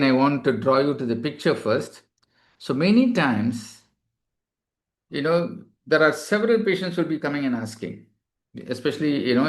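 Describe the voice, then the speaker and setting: Male doctor, webinar lecturer, mid-pitched, conversational teaching delivery with frequent fillers, computer mic. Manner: explanatory, many "you know" fillers.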